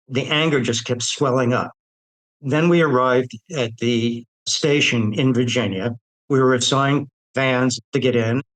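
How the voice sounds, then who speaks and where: A man's voice: medium pitch, a bit bright, rough recording. An older man bluntly retelling his own life story, with streetwise, quoted dialogue. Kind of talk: personal storytelling.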